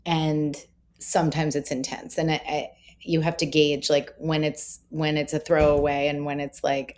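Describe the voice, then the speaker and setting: A woman's voice: low-pitched, level tone, moderate pace, darkish tone, slight background noise. A woman in her forties, a parenting expert, chatting candidly and with self-deprecating humor in a podcast conversation.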